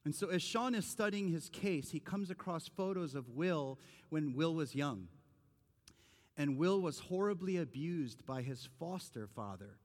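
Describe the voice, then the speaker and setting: A man's voice: fairly high pitch, expressive, measured pace. A man in his forties, a pastor giving a sermon in a conversational, earnest way that builds to emphatic points. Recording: long reverb of a large hall.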